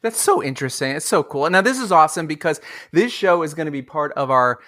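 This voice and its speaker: A man's voice: a little high, fast, no room sound, clean studio sound. Enthusiastic man hosting an interview. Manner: animated storyteller, enthusiastic. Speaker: podcast host. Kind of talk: casual interview chat.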